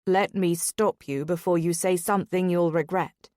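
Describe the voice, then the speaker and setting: A woman reading a calm, arrogant young nobleman in a low, quiet, even voice in an audiobook. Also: normal speed, no echo, clean studio sound, lightly acted.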